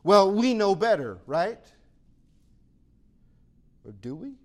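A man's voice: high voice, sing-song, slow. A male pastor preaching a sermon, exhorting with emphatic rhetorical questions.

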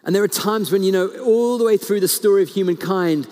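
High-voiced male pastor preaching in a hall. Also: a little mellow. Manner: earnest storytelling, slows down for emphasis, frequent restarts. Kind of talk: sermon. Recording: long hall reverb.

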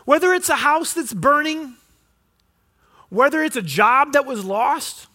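A pastor preaching a sermon, telling a story and acting out what people say. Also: male voice, animated, unhurried, bright, forceful tone. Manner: storytelling, acting out quotes with rising pitch.

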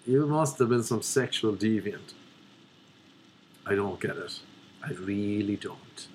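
A young Irishman delivers a casual comedic monologue full of swearing and animated rants. His voice sits in an ordinary middle pitch. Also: a little slow, slight background noise. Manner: profane, ranting, animated storyteller. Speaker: vlogger.

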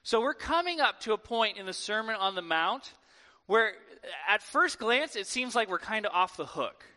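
A man preaching a sermon to his church in a lively, conversational way, acting out quoted voices. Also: high voice, moderate pace. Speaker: pastor. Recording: long hall reverb.

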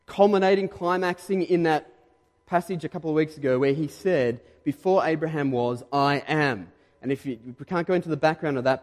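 A man with an Australian accent preaching a sermon in a conversational, emphatic way, pushing louder on key points. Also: on the high side, big-room sound. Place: church hall.

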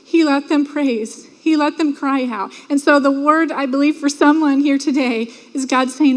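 A woman's voice: sits high, steady tone, normal speed, few pauses. A woman preaching a sermon in a church, talking earnestly and conversationally and acting out the voices of the crowd. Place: church sanctuary. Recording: long hall reverb.

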